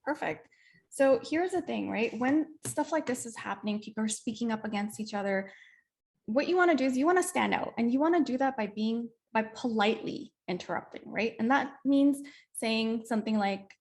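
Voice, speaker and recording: A woman's voice: on the high side, a little fast. A young adult woman from Canada leading a speaking workshop over a video call. She acts out example phrases and keeps checking in with "right?". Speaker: workshop presenter. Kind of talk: online workshop teaching.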